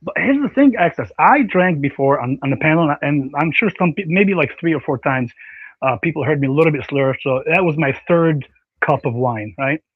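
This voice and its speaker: A man hosts a casual online panel, rambling and animated, packing his talk with fillers. His voice sits a little high. The audio is dull and slightly lo-fi, with a dry, close sound. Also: fairly quick, slightly rough, no room sound. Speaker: panel stream host.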